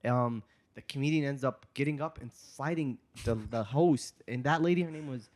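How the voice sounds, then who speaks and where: A young adult man, a comedian guest on a casual podcast, telling stories in an animated way, acting out quotes and laughing often. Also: medium pitch, normal speed.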